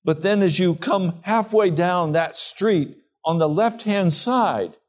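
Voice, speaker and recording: A pastor preaching a sermon, reading scripture and retelling it in a slow, earnest storytelling way. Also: male voice, high voice.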